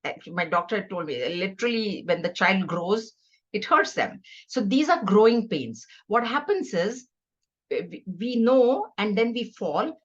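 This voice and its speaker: A woman's voice: medium pitch, very animated, normal speed, highs cut off. A middle-aged woman giving a scripture class, teaching earnestly and conversationally with stories. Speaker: spiritual teacher.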